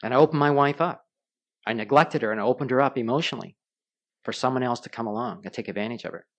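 A man's voice: mid-range voice, quick pace. A man preaching a sermon, telling stories and putting questions to his listeners. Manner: storytelling preacher, asks the congregation questions. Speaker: pastor.

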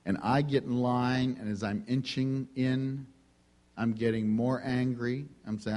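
A male preacher tells a personal story from the pulpit. He is conversational and animated, acting out each exchange in a mid-range voice. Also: mid-range voice, measured pace. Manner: animated, conversational, acts out dialogue. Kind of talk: sermon storytelling.

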